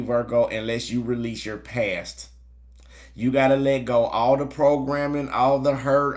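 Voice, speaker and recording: A man hosting a live-streamed tarot reading. He talks in a chatty way, greets viewers by name and gives earnest spiritual encouragement. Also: mid-range voice. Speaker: tarot reader.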